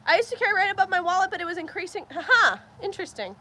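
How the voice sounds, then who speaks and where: A young woman hosting a casual farm livestream, chatty and quick to laugh as she reads viewer comments aloud. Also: very high voice, very animated, bright, forceful tone, a little hiss or hum. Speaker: livestream host. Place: farm barn with rain outside. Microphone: phone livestream.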